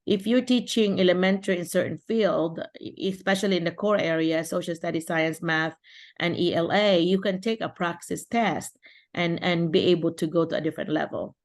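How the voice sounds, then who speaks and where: A middle-aged woman from the Philippines with a fairly low voice leads a casual online session over a video call. She talks in a loose, rambling way, often restarting sentences and leaning on fillers. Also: moderate pace. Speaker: host of an online teacher support session.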